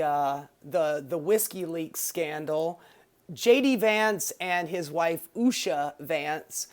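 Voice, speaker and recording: Sarcastic, profane woman ranting. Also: mid-range voice. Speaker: podcast host. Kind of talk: ranting political commentary.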